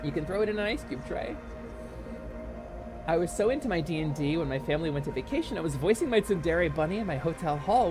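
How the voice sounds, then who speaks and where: Woman streamer, casual gaming chat, very lively voice, faint music underneath. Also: low voice, fairly quick, pauses often. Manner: animated, swings into loud mock outrage and laughter.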